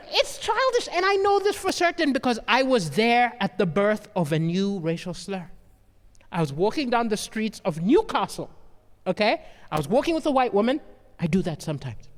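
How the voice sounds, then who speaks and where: Guy from southern africa doing standup, high bouncy voice, lots of "right?", big echoey hall sound. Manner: animated storyteller, stammering restarts, frequent "right?" asides. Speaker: stand-up comedian. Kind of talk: stand-up comedy set. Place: live comedy stage.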